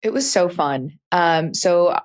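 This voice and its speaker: A woman's voice: lowish voice, lively intonation. Teasing woman podcast co-host. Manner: teasing and quick to laugh. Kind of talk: casual chat.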